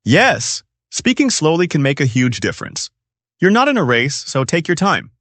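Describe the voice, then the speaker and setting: A very animated co-host of a scripted podcast for English learners shares tips at normal speed. His mid-range voice is a bit bright and moves widely in pitch; the recording is dry and close, with no echo.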